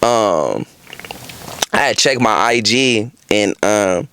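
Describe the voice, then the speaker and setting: A young man telling a casual storytime on his vlog, animated and heavy on profanity and street slang. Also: fairly low pitch, takes it slowly, slight background noise. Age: young adult. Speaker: vlogger.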